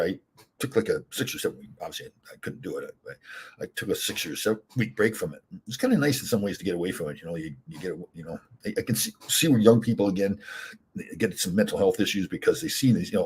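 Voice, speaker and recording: An older man with a husky, slightly low voice talks quickly and loosely as a show host. He rambles from story to story, stumbling over fillers and restarts, and hiccups now and then. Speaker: podcast host, former hockey player. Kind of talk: casual solo talk.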